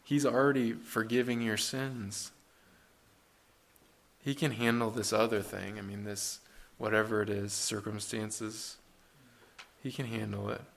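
A man's voice: fairly low pitch, little pitch movement, unhurried, vocal fry, pauses often, a bit bright. A man preaching a sermon in an earnest, conversational way, with rhetorical questions and frequent restarts.

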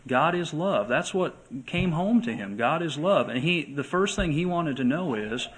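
A man's voice: on the high side, expressive, poor audio. Earnest male pastor preaching. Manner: earnest, slows and swells when reading scripture. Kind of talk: sermon. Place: church sanctuary.

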